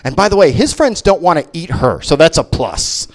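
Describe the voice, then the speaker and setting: A man's voice: on the high side, big pitch swings, moderate pace. A man doing a stand-up comedy set, ranting sarcastically with lots of swearing. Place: comedy venue.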